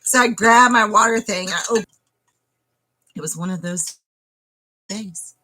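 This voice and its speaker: A woman's voice: mid-range voice, measured pace, pushed and bright, slightly rough, poor audio. A woman homestead vlogger telling a dramatic story casually to the camera, speaking directly to her viewers.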